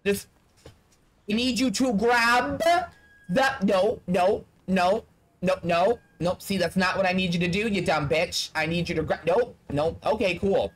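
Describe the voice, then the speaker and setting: Guy with a high voice doing let's-play commentary, blunt, bossing the characters around. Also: unhurried. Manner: blunt, talks straight to the game characters. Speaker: gaming streamer.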